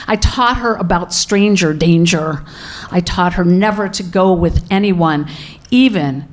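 A middle-aged woman telling a personal story to an audience, deliberate and emphatic, repeating words for stress. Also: fairly low pitch.

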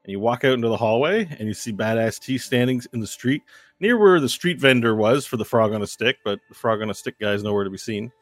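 Man, game master, tabletop narration, mid pitch, dry. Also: animated, quick pace, dry recording.

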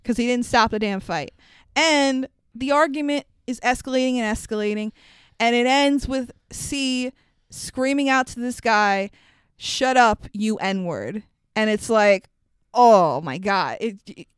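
A woman casually recapping a film with a co-host, animated and swearing, acting out the lines she quotes. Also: a little high, a little slow, clear, resonant tone, no room sound, studio quality.

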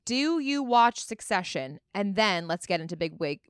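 A woman co-hosting a podcast in casual chat, chatty and enthusiastic with quick asides. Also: medium pitch, sing-song, smooth, dry recording, clean studio sound. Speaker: podcast co-host.

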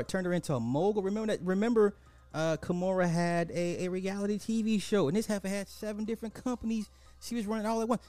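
A man with a somewhat high voice gives casual social commentary, swearing freely and mocking the people he talks about. He repeats phrases for effect. The recording is dry and close, with faint music underneath. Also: no echo. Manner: profane, mocking, animated storytelling with repeated phrases. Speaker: podcast host.

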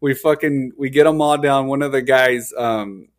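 A young man hosts a loose podcast chat with a middle-pitched voice, telling a gaming story with animated, profane energy. He keeps saying dude and hella. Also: moderate pace.

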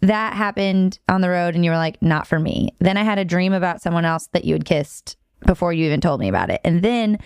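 A young woman co-hosting a podcast and telling a long personal story in an animated, quick way, often breaking into laughter. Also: lowish voice, clean tone, no echo, studio quality. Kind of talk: casual storytelling chat.

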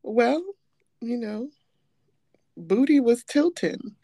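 A young woman hosts a casual podcast chat, speaking slowly and laughing often. She tells stories with playful melodrama. Her voice sounds dry and close. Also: on the high side, animated, warm tone, no echo. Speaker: podcast host.

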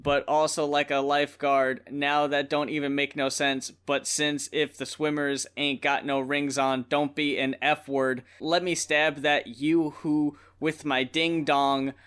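A man's voice: a little high, little pitch movement, a little slow, fairly bright tone, clean tone. A man co-hosting a podcast in casual chat, blunt and opinionated as he picks apart lyrics. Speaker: podcast co-host.

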